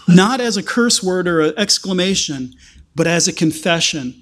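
A man preaching a sermon, earnest and halting, with frequent restarts that build to emphatic stretches. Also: sits high, lively intonation, fairly bright tone.

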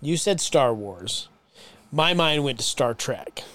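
A man co-hosting a podcast in casual chat, chiming in with quick jokes and reactions. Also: medium pitch, animated, fairly bright tone. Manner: wisecracking listener, short reactions and jokes. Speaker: podcast co-host.

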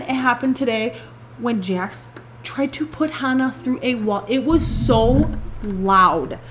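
A woman hosting a podcast in casual chat, telling animated stories, laughing often and swearing casually. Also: high-pitched. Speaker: podcast host.

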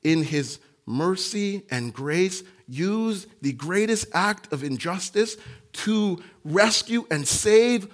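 A man preaching a sermon as pastor, impassioned, swinging from hushed, quiet lines to near-shouting. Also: sits high, expressive, slow.

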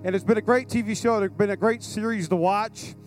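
High-voiced, excited young-sounding pastor. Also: male voice, brisk, over music. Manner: excited and casual, with slang and asides to the congregation. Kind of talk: lively sermon at a church service. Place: church service in front of a congregation.

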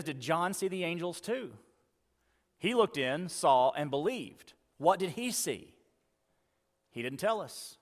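Slow man preaching in a hall. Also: fairly high pitch. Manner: dramatic retelling, slowing on key words. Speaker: pastor. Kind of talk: sermon. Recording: long reverb of a church hall.

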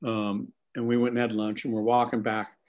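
A man being interviewed, telling animated, profane stories about his acting work with plenty of laughter. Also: fairly low pitch, normal speed. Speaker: actor guest. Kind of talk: casual anecdotal storytelling.

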